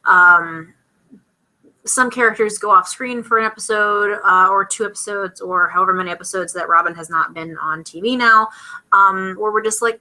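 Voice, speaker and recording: A young American woman casually recapping a TV episode, rambling and acting out the characters' lines in quick asides. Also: medium pitch, bright, forceful tone, low-quality recording. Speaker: vlogger.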